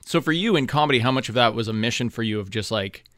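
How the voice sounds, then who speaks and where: A man's voice: medium pitch, lively intonation, fast, a bit bright, a little hiss or hum. A man from Canada hosting a radio show, chatting and joking with his guests in the studio. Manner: chatty, jokey interviewer. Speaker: radio host. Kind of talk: casual chat.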